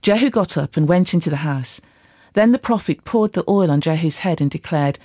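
A Bible reader reading scripture aloud at a steady, even rate. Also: medium pitch, a little fast, no room sound, studio quality.

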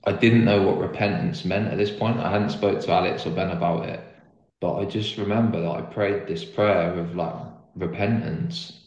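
Young guy with a deep voice, earnest and rambly, full of "like", sounds roomy and echoey. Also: steady tone, moderate pace, a little mellow, muffled recording. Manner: earnest, rambling, lots of "like" fillers. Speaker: guest sharing his faith story. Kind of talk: casual conversational testimony. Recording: roomy echo.

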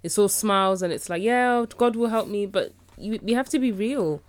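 A woman's voice: mid-range voice, moderate pace. A woman co-hosting a podcast responds to her guest in a supportive, affirming way. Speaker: podcast co-host. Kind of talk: interview commentary.

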